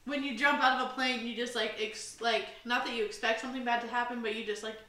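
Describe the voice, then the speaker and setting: This young woman talks fast as she co-hosts a laid-back podcast, rambling from story to story with plenty of fillers. Her slightly high voice is pushed and bright with fairly even intonation, heard through a roomy, somewhat distant mic.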